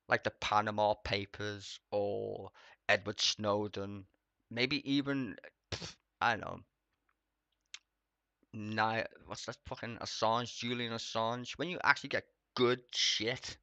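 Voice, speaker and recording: A man's voice: on the low side, pushed and bright, dry recording. Sweary man rambling over news. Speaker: streamer. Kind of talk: casual political commentary.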